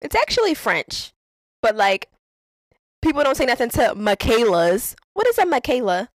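A woman's voice: a little high, normal speed, no room sound. Chatty woman in a dry room. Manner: animated, laughing, slangy storytelling. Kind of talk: casual conversation.

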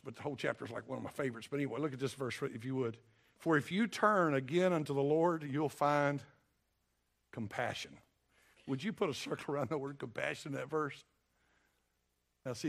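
A man's voice: medium pitch, quick pace, vocal fry. An older man preaching a sermon as pastor, with a folksy, emphatic delivery that keeps calling on the congregation to respond. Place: church sanctuary.

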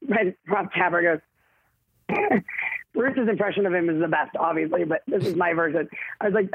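A woman actress in a casual interview, telling stories in a rambling, self-interrupting, animated way with a husky voice. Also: on the low side, moderate pace, no room sound. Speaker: actress guest. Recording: tinny phone-like line, dry.

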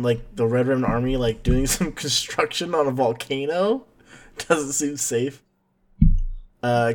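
A man's voice: medium pitch, a little mellow. A man hosting a podcast, recapping an episode in a casual, jokey way and calling his cohosts by name. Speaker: podcast host.

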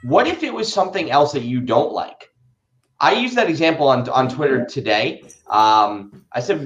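A man's voice: medium pitch, animated, normal speed, dull audio. A man in a casual podcast discussion, riffing with jokes and sarcasm. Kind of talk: casual podcast panel talk.

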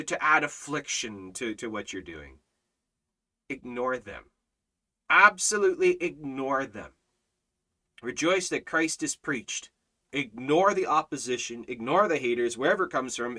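Guy preaching a bible study, bright forceful voice, keeps hammering the same point. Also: medium pitch. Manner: emphatic, repetitive exhortation with swings between loud and soft. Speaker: Bible teacher.

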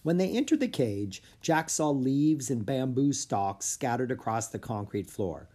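An expressive reader telling a children's chapter book aloud. The voice rises and falls in lively pitch, with a slightly husky tone. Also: measured pace. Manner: expressive storytelling. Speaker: audiobook narrator.

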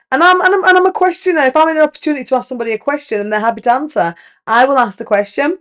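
A woman, hosting a podcast in a frank, chatty confessional monologue full of fillers and casual swearing. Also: mid-range voice. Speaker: podcast host.

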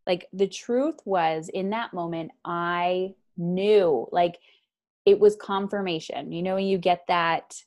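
Frank woman telling her story, low voice. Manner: frank and animated, acts out quoted voices, quick asides. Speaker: guest, author. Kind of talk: candid personal storytelling in conversation. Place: lives in Ontario, Canada.

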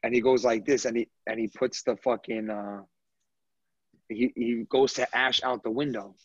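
A man hosting a casual podcast, telling a story excitedly with lots of slang. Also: mid-range voice, normal speed, dry recording, muffled recording. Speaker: podcast host.

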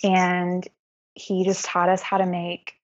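A woman's voice: on the low side, completely flat delivery, slow, highs cut off. A young woman from Texas, a teacher, chatting as a podcast guest with lots of fillers and laughter. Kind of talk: casual conversation.

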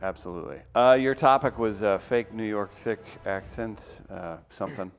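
A man's voice: lowish voice, normal speed, a crowd in the background. A man hosting a radio talk segment, joking around and bantering with co-hosts. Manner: joking, puts on mock voices. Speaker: radio show host.

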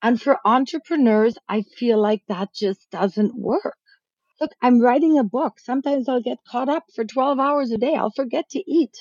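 A woman's voice: on the high side, normal speed, a little mellow, no room sound. A woman business coach and author answering interview questions in a frank, emphatic, persuasive way. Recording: slightly dull lo-fi sound.

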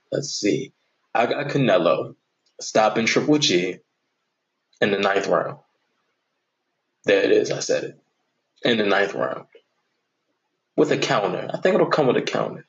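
A man's voice: lowish voice, lively intonation, takes it slowly, pauses often, fairly bright tone, highs cut off. A man hosting his own sports podcast, chatting casually and animatedly as he jokes through his predictions and picks.

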